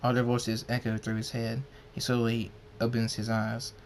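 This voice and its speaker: A man reading a fan story aloud, halting and restarting words. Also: medium pitch, monotone, a little hiss or hum. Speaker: fan fiction reader.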